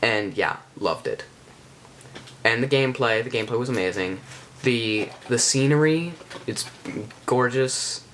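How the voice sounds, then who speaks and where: Halting, rambling man reviewing a game. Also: medium pitch, animated, fairly bright tone, slight background noise. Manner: rambling, halting, with many restarts. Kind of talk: casual spoken game review.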